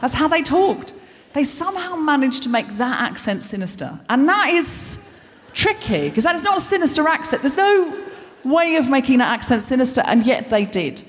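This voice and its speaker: A woman's voice: high-pitched, very animated, normal speed. A woman hosting a comedy podcast live on stage, delivering a rambling, anxious, self-deprecating stand-up monologue. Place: large concert hall stage. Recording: long reverb of a big concert hall.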